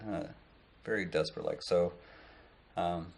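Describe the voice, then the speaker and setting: Late-30s guy vlogging, kinda low voice, rambles with lots of uhs. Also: normal speed. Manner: rambling, lots of fillers and restarts. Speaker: online business vlogger. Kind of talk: casual talk to camera.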